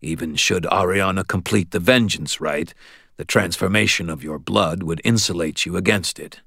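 A man voicing a coolly polite, formal male vampire envoy in an audiobook, measured and speaking in the royal we. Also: low voice, vocal fry, pushed and bright, husky, dry recording, clean studio sound, full character voice. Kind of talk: audiobook character voice.

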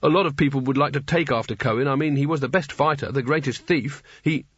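A man doing scripted audiobook narration in a measured, wry storytelling manner. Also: mid-range voice, fairly bright tone, husky, no echo. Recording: dry, slightly dull audiobook recording.

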